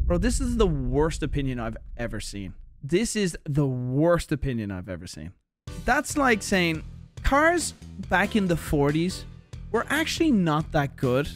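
A man's voice: a little high, measured pace. An Irish man reacting to viewer opinions on a gaming channel, exasperated, swearing and ranting, with faint music behind him. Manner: exasperated, profane and animated. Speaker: gaming YouTuber.

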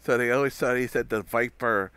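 A man's voice: medium pitch, fairly even intonation, a little fast, pushed and bright, clean tone, no echo. A man streaming a video game, reading the lines aloud with joking, rambling asides. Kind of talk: let's play commentary and voice reading.

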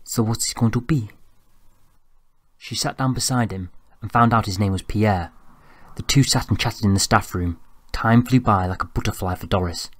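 A man reading an audiobook in an even, measured storytelling voice, close to the mic. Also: fairly low pitch, no room sound. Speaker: audiobook narrator. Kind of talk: scripted narration.

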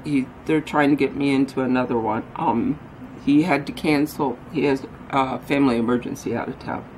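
A woman's voice: very deep voice, steady tone, moderate pace, darkish tone, slight background noise, low-quality recording. A woman vlogger chatting casually and rambling through her errands, often joking at her own expense. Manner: rambling, self-deprecating, talks while running errands. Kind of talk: casual vlog chat. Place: out running errands, then at home.

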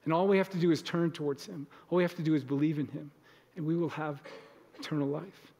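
A man's voice: fairly high pitch, steady tone, fast, mellow, big-room sound, muffled recording. A male pastor giving a conversational sermon in a church, sometimes acting out short everyday exchanges. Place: church sanctuary.

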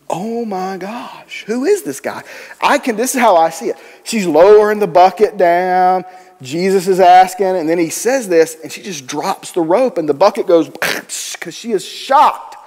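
A man preaching a sermon in a church, telling the story with animated voices for the people in it. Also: sits high, big-room sound. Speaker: pastor. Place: church sanctuary.

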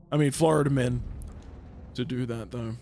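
A man's voice: mid-range voice, takes it slowly, creaky, darkish tone, a little hiss or hum. A young man from California chatting casually with his live-stream audience, laid-back and talkative. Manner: laid-back, chatty, reads and answers chat. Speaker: game streamer.

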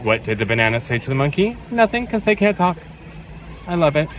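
A woman's voice: sits low, sing-song, fairly quick, slight background noise, poor audio. A woman vlogging a family day at an outdoor zoo, playfully teasing and chatting with her kids. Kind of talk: casual family vlog chat.

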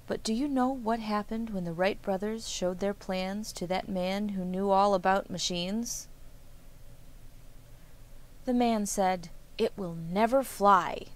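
Slow, gentle woman reading a children's story. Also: mid-range voice. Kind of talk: children's story read-aloud.

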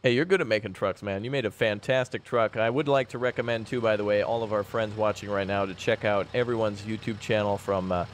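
A man hosting a multiplayer game session in casual chat with friends, rambling and joking, quick to exclaim. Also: on the low side, a little hiss or hum.

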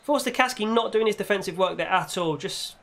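Male gaming creator with a high voice, lively commentary that breaks into shouts. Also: fairly quick, gravelly. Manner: reacts loudly, shouts at goals and the referee. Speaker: gaming YouTuber. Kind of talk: excitable gameplay commentary.

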